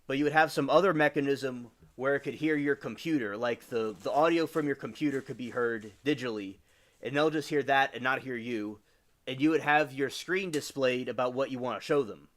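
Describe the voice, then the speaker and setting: Man reading aloud haltingly on stream. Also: medium pitch. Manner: halting reading, stumbles over words. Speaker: livestream host.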